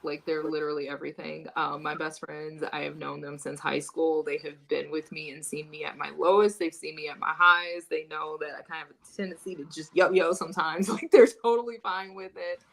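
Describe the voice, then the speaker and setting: A young adult woman, a podcast guest telling a story in casual chat, animated and laughing, swearing freely and acting out the people she quotes. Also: low-pitched, fairly quick, creaky, hardly any pauses, low-quality recording.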